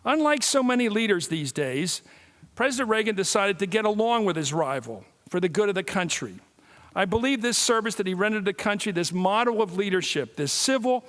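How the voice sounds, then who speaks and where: A man in his sixties speaks as a guest lecturer, his voice pitched high. He tells stories and jokes with lively energy. The sound carries the long reverb of a large hall. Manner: animated storytelling with jokes. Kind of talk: public lecture.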